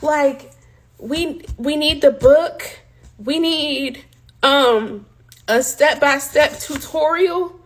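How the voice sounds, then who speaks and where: A woman chatting casually in a halting, pleading way. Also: high-pitched, rough recording. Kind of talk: casual chat.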